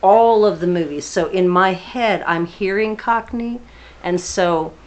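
A woman talks about her stage role in a lively, chatty way and laughs easily. Her voice has an average pitch. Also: a little slow. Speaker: stage actor. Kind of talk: casual interview chat.

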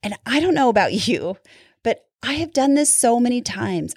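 A woman's voice: medium pitch, normal speed, no room sound. Woman teaching the Bible in a dry, close voice. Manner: warm, often laughs, acts out prayers in quotes.

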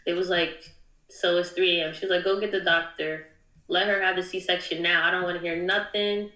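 A young woman giving an emotional personal testimony, halting with many ums and near tears at times. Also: lowish voice, flat delivery, bright, forceful tone, roomy sound, low-quality recording. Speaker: guest.

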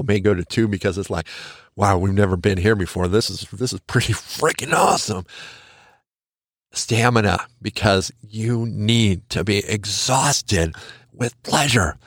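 A man's voice: lowish voice, gravelly, no echo, studio quality. A man hosting a podcast, giving candid, joking, conversational advice. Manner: candid, joking, conversational with frequent "you know". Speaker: podcast host. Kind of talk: frank casual advice monologue.

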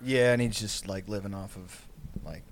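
A man's voice: lowish voice, normal speed. A young man, telling a long story in casual chat, rambling and profane and laughing often.

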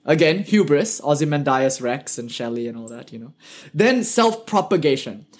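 A man with a British accent teaches a live online class on spiritual life. His voice sits a little high for a man. He speaks earnestly, drives points home with rhetorical questions and drops in light joking asides. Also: animated, moderate pace.

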